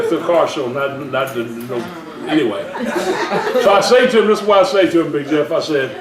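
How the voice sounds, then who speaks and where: Male preacher, high voice, storytelling sermon, live stream, echoey hall, congregation audible. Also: recorded from a distance. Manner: animated, laughing as he tells a story. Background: congregation responding.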